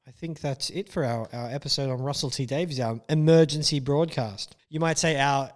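A man co-hosts a podcast in loose, casual chat. His voice sits at an ordinary middle pitch. He jokes through the talk, laughs often and slips into quick put-on voices for quotes. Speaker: podcast co-host. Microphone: podcast microphone, audio only.

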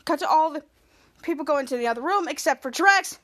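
A woman with a very high, bright voice recaps a TV episode scene by scene. She strings the scenes together with one "cut to" after another and jumps into the characters' lines as she goes. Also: animated, fast. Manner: retells scene by scene, acting out quotes. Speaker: podcast host.

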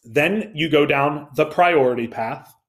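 A man coaching salespeople in a casual podcast monologue, talking energetically with lots of fillers and quick self-corrections. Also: on the high side, a bit bright.

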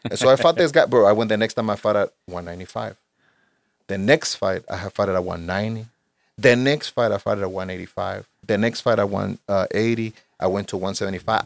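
A man in his forties, a guest in casual conversation, telling stories in an animated, profane way and saying "bro" constantly. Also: fairly low pitch, dry recording. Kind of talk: casual storytelling.

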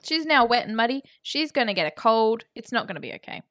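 Bright-voiced wry woman podcaster. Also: fairly high pitch, lively intonation, quick pace, no room sound, clean studio sound. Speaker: podcast co-host. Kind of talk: casual film recap chat.

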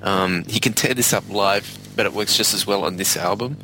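A man giving a measured, thoughtful critique in a casual music review chat. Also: fairly low pitch, bright, forceful tone, slight background noise, poor audio. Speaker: podcast co-host.

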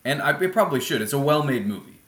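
A man chatting as a podcast guest about films, ranting in an animated, opinionated way into a laptop mic. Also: medium pitch, quick pace, roomy sound. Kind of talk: casual film chat. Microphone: laptop built-in mic.

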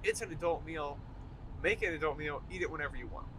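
A young man hosting a solo podcast from his car during a commute, ranting in an animated, emphatic way. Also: on the high side, fast. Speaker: podcast host. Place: in a car while driving. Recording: faint car noise behind. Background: car road noise.

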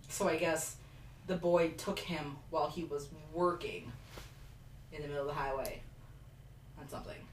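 A woman's voice: low voice, steady tone, normal speed, pauses often. A young woman hosting a podcast, casually retelling a folktale with lots of "like"s. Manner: loose, filler-heavy retelling with many "like"s. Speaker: podcast host. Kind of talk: casual storytelling chat. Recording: roomy room, distant mic, faint hiss.

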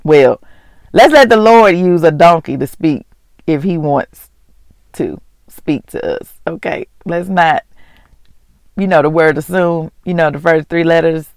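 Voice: mid-range voice, measured pace, no room sound. A host of a faith vlog and podcast, talking casually and earnestly to listeners, chatty and often laughing. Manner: earnest and heartfelt, often moved to tears. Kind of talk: casual devotional talk.

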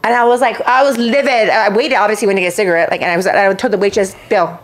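A woman hosting a casual chat show, telling a story in an animated way, acting out quotes and swearing. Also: mid-range voice, very fast. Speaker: show host.

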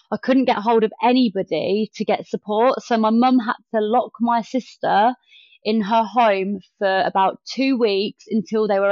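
A woman tells a hard story as a podcast guest, in a casual, animated way, slipping into other people's voices for quotes. Her voice is mid-pitched, and the recording sounds dull and lo-fi. The room is dry, with no echo. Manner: animated retelling with acted-out quotes.

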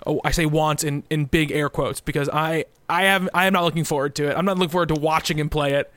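Casual man with a smooth voice. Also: a little high, fairly even intonation, fast talker, a bit bright, no echo. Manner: rambling, lots of "um" and restarts. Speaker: podcast co-host. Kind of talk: casual chat.

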